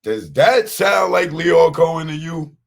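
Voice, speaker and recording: A man's voice: on the high side, lively intonation, a little slow, vocal fry. Blunt emphatic man ranting. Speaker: podcast host. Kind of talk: ranting commentary on a clip.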